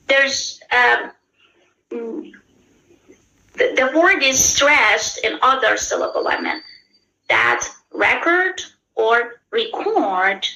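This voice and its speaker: A woman's voice: on the high side, pushed and bright. A woman with a Persian accent teaching an English exam class, explaining patiently and checking in with her students often. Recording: echoey room.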